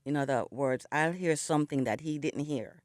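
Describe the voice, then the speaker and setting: Her voice sits low and a little mellow at normal speed: a middle-aged Jamaican singer, a guest in a radio studio, speaking reflectively. She tells stories laced with "you know," her voice still morning-rough and not warmed up. The recording is dry with clean studio sound.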